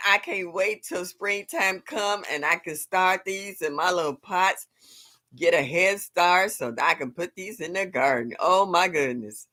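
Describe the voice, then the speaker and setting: Chatty, expressive woman gardening host. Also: mid-range voice, a little slow. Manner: chatty, expressive, reacts aloud to viewer comments. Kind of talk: casual live chat with viewers. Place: home in Ohio.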